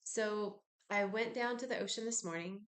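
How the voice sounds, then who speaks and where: A woman's voice: mid-range voice, normal speed. A woman who works as a spiritual practitioner, talking casually and meanderingly about spiritual ideas to her viewers, with lots of fillers and side tracks. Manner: meandering, with many fillers and digressions. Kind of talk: casual spiritual musing to camera.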